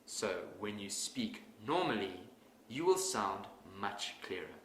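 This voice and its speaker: A man teaching English pronunciation in a measured, deliberate scripted talk, leaning hard on example words. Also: lowish voice, big pitch swings, slight background noise. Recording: echoey room with faint ambience.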